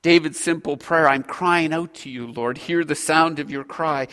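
Guy pastor preaching, high bright voice, earnest and slow in spots, big echoey church. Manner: earnest, preaching with measured pauses. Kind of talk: sermon. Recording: hall reverb.

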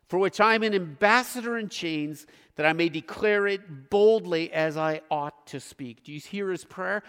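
High-voiced preaching pastor in a hall. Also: male voice. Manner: earnest preaching with emphatic pauses. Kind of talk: sermon.

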